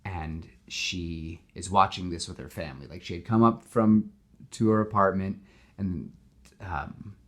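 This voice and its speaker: A man hosting a podcast, telling a story in casual, animated chat with lots of fillers. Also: sits low, measured pace. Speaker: podcast host pitching a story.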